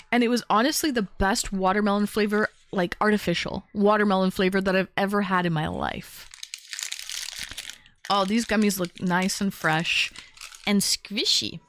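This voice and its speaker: A woman's voice: medium pitch, moderate pace. A woman from Toronto, a full-time streamer, chatting casually on a livestream as she unboxes gifts and answers viewers from chat. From Toronto, Canada. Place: home, small town.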